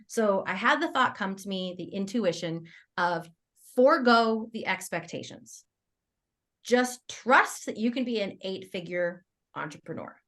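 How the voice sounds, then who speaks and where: A woman talks through a personal story as a podcast guest, at an ordinary mid pitch for a woman. Her delivery is animated and conversational, with frequent laughter, and she slips into quoting her own inner thoughts as she goes. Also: unhurried. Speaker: guest entrepreneur.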